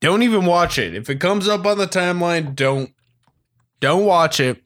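A man's voice: sits high, lively intonation, normal speed, a bit bright. A man chatting on a comedy podcast, joking and swearing, with frequent restarts. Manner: jokey, swears, stumbles and restarts. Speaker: podcast guest. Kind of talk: casual comedic banter.

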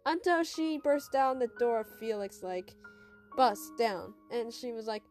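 A woman's voice: fairly high pitch, expressive, unhurried, darkish tone, faint music behind. A woman casually telling an improvised story, rambling with many restarts.

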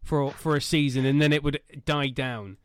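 A man co-hosting a casual football podcast, talking animatedly with loud bursts, swearing and laughing at his own jokes. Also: medium pitch, steady tone, moderate pace, smooth, dry recording, clean studio sound. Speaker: podcast co-host.

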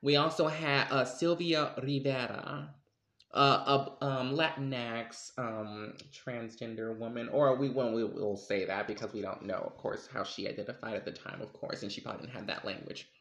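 A man co-hosting a casual podcast chat, talking in an animated, emphatic way with slang and frequent laughs. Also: mid-range voice, normal speed, hardly any pauses, reverberant. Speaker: podcast co-host.

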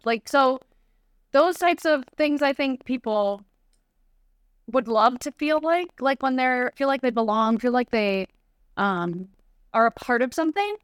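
A woman's voice: high voice, normal speed, smooth, no echo, studio quality. A woman from Chicago chatting as a podcast guest, full of "like" fillers and acted-out quotes. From Chicago, USA. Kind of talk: casual chat.

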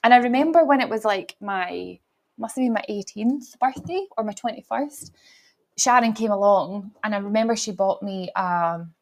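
A young Scottish woman from Glasgow whose mild Glaswegian accent colours her vowels. She talks in a loose, chatty podcast monologue, circling back and restarting her sentences as she goes. Her pitch sits in an ordinary middle range for a woman. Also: normal speed. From Glasgow, Scotland. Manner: rambling, chatty, with frequent laughs and restarts. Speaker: podcast host.

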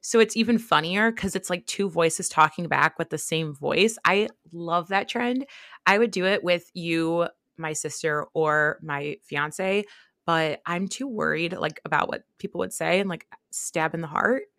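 A woman's voice: on the low side, a bit bright, no room sound, clean studio sound. A young American woman co-hosting a podcast, chatting casually and gushing with lots of "like" asides. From United States. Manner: gushing, filler-heavy, quick asides. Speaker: podcast co-host. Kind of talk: casual chat.

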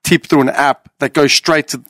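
A man's voice: fairly high pitch, fairly even intonation, normal speed, fairly bright tone, no echo, studio quality. A man, joking and swearing in casual podcast banter.

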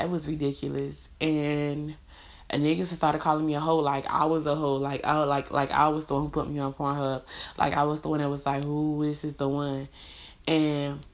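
A woman's voice: deep voice, lo-fi sound. A young woman telling a personal story to her audience in a frank, casual way, cursing freely and filling her talk with "like.". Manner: frank, profane, heavy use of "like" fillers.

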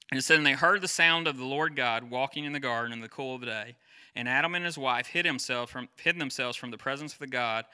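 Bright-voiced man preaching casually. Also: mid-range voice, smooth. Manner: chatty, asks the crowd questions, goes off on tangents. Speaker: pastor. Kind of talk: conversational sermon.

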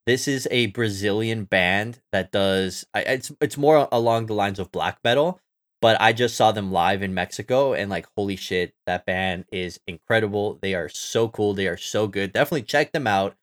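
A man's voice: fairly low pitch, moderate pace. A young man co-hosting a casual podcast, talking with enthusiasm and rambling with fillers and restarts. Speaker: podcast co-host. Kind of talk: casual chat.

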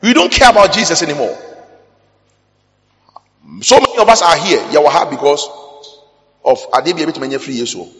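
Ghanaian male preacher, somewhat high voice, erupts into loud emphatic bursts, reverberant hall sound. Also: expressive, brisk, long pauses. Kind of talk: sermon.

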